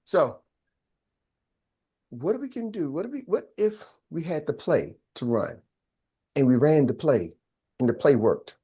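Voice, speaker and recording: Leading a live business masterclass, an older man speaks energetically, hammering home key phrases and getting the audience to call back answers. His voice is a little high and slightly rough, unhurried, with frequent pauses.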